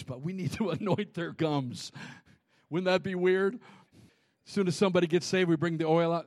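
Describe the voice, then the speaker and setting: A man preaching a sermon in a church, dropping to whispers and rising to shouts. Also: on the high side, moderate pace. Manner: animated preaching, swings from hushed whispers to shouts. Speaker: pastor. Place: church sanctuary.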